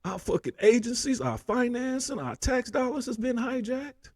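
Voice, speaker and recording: Man, profane heated rant, gravelly, high-pitched, dry. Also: animated, moderate pace, dry recording. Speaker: political commentary host. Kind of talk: ranting commentary.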